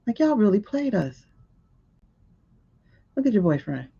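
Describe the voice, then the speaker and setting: A woman's voice: medium pitch, sing-song, a little slow, creaky, dark tone, slightly rough. A woman hosting a live stream, giving casual, exasperated running commentary as she talks back to footage she is watching. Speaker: host of a live tarot stream. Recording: lo-fi stream audio.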